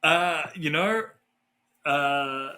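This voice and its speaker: Bright-voiced Australian man telling a story. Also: a little high, very slow, low-quality recording. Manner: rambling, many fillers and restarts. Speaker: guest neuroscientist. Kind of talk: casual storytelling interview.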